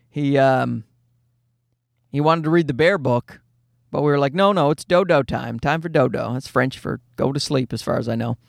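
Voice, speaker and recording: A man's voice: on the high side, creaky, dry recording, studio quality. A man in his thirties telling rambling, profane, self-deprecating stories as a podcast host. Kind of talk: casual podcast monologue.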